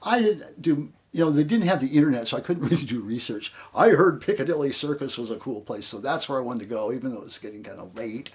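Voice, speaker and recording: A man's voice: medium pitch, lively intonation, fast, hardly any pauses. Rambling older man telling stories. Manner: rambling, full of "you know" and voiced quotes. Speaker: storyteller. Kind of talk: casual spoken memoir.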